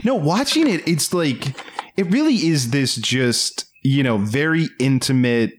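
A man's voice: mid-range voice, sing-song, measured pace. A man talking casually about films as a podcast co-host, rambling with many fillers and frequent laughs. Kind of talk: casual film discussion.

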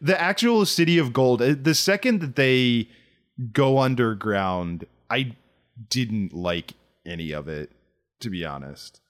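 The man speaks with a lively, swooping pitch in casual podcast chat. He tends to rush his words in excited bursts, stopping and restarting his sentences. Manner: animated, quick bursts with restarts. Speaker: podcast co-host.

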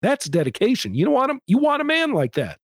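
A man's voice: very high voice, huge pitch swings, fast talker, no echo. A man co-hosting a podcast, recapping a movie in casual chat with wry, meandering asides and dry jokes. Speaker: podcast co-host.

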